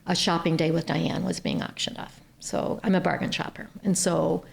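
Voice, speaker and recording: A woman from Ohio with a low, gravelly voice, guesting on a podcast. She tells her stories earnestly and with animation, talking as the head of a nonprofit. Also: little pitch movement, normal speed. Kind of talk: podcast interview, storytelling.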